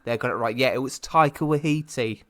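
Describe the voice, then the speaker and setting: A man from the UK co-hosting a podcast in casual chat, animated and teasing, with the odd swear. His voice sits mid-range and comes across dry and close with no room sound. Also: mid-range voice, fairly quick, no room sound. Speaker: podcast co-host.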